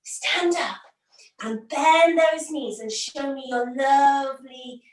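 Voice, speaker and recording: A woman leading a storytelling yoga class for young children, playful and encouraging, giving gentle instructions. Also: sits high, fairly even intonation, slow, distant mic. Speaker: kids yoga teacher. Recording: roomy echo, from off the mic.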